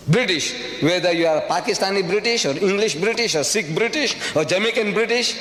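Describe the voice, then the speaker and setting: An older man from South Africa delivers an impassioned lecture, hammering his points home through repetition and rhetorical questions. His voice sits fairly high and swings widely in pitch. The recording carries a long hall reverb and a faint hiss. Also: very animated, a little fast, hardly any pauses, fairly bright tone. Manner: impassioned, rhetorical, repeats phrases for emphasis. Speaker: public speaker. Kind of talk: lecture to a live audience.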